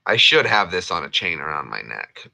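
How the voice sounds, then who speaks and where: A man chatting casually over gameplay, rambling and jokey. His speech jumps around a lot in pitch, and his voice sits fairly low but comes across bright and forceful. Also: very animated, moderate pace, creaky. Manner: rambling and jokey, playful repetitions. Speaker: gaming streamer. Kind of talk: casual chat while gaming.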